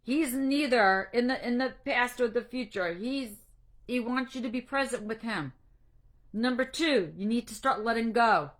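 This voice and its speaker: An anxiety coach, a woman with a slightly high voice, gives a slow, earnest, faith-based encouragement talk about faith and finding peace. Emotional and near tears, she frequently stumbles and restarts her sentences.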